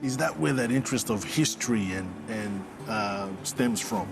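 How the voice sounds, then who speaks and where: A man interviews a local, his questions halting and full of repeated words. His voice sits mid-range, and music plays clearly behind him. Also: mid-range voice, animated.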